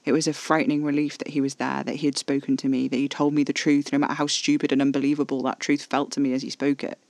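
A man reads first-person horror fiction in a low, intimate hush, keeping his delivery even and flat. His voice sits somewhat high and has a gravelly edge. The recording is close and completely dry. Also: fast talker, no echo. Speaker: narrator.

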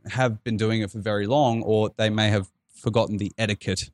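A man's voice: lowish voice, fairly even intonation, fairly quick. A man hosting a podcast, telling stories in a casual, rambling way and swearing freely. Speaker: podcast host. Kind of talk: casual chat.

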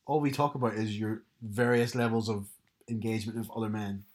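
A man's voice: on the low side, steady tone, a little fast, darkish tone. A man co-hosting a podcast, chatting casually with dry, teasing humor. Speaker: podcast co-host. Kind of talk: casual chat.

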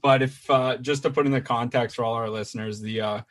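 Young canadian dude on a podcast, chill, lots of "like", swears a bit. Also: male voice, mid-range voice, fairly even intonation, brisk. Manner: laid-back storytelling, swears, lots of fillers. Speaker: podcast co-host. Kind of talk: casual chat.

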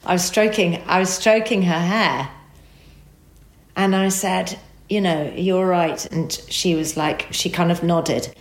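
A woman telling an emotional personal story as a guest, animated and acting out the dialogue. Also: fairly low pitch, takes it slowly, roomy sound.

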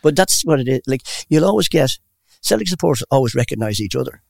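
Gravelly older man, quick rambling stories. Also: medium pitch, big pitch swings, no echo. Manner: rambling, warm anecdotal storyteller. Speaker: interviewee. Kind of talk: casual storytelling.

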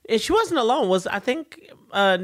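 A man's voice: extremely high pitch, big pitch swings, normal speed, no room sound, studio quality. A man co-hosting a podcast, recapping a TV episode in playful casual chat and laughing often. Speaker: podcast co-host.

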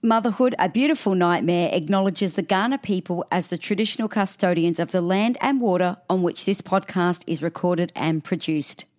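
Australian woman, podcast co-host, casual chat, lower voice. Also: moderate pace, hardly any pauses, a little mellow, no echo. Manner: chatty and laughing, mock accents.

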